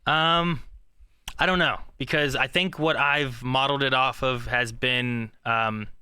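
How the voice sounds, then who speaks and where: A man's voice: mid-range voice, steady tone, measured pace, bright, forceful tone, clean tone, dry recording, studio quality. A man co-hosting a podcast in casual chat, rambling with many fillers and restarts. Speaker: podcast co-host.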